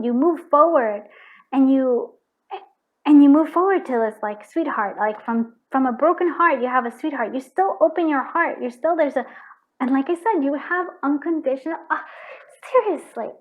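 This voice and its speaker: A woman's voice: high voice, narrow, tinny audio. A woman giving a pick-a-card tarot reading, effusive and emotional, with frequent restarts. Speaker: tarot reader.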